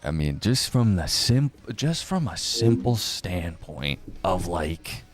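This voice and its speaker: A man's voice: sits low, sing-song, slow pace, faint music behind. A man giving casual, profane, sarcastic commentary, often mocking others by putting on voices. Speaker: crypto news commentator.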